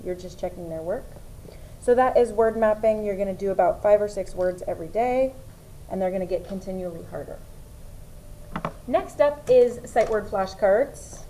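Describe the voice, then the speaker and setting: A young woman teaching first grade, explaining summer practice steps to parents and slowly sounding out words. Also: medium pitch, mellow, slight background noise, rough recording. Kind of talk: instructional walkthrough for parents.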